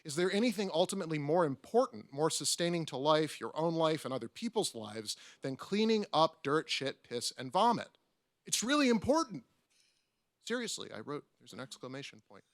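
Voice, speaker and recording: A man's voice: on the high side, lively intonation, brisk, few pauses, no echo. A man, an academic panelist, reading a prepared talk aloud with wry, self-mocking asides. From United States. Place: conference room.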